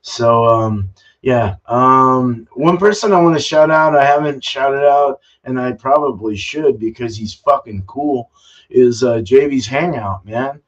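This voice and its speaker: Rambling, swearing home brewer on a stream. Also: male voice, medium pitch, measured pace. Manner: loose, swearing, rambling with fillers. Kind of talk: casual live-stream chat. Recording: dull lo-fi stream audio.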